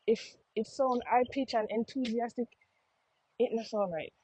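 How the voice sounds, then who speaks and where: On an outdoor walk, a young American woman vlogs in a Jamaican patois accent, speaking a little slowly in a warm, high-leaning voice and often repeating phrases to her viewers. There's a little hiss or hum, and the lo-fi sound is slightly dull.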